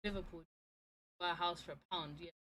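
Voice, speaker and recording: A woman chatting casually with a friend, quick and teasing. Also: on the low side, steady tone, fairly bright tone, rough recording. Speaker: co-host friend. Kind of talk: casual banter.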